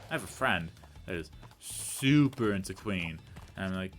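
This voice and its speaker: A man with a lowish voice chats his way through a video game playthrough. He rambles off on tangents and pokes fun at himself as he plays. Faint music plays underneath. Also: lively intonation, moderate pace. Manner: rambling, chatty, goes off on tangents; self-deprecating, jokey asides. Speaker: let's play commentator. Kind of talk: casual gameplay commentary.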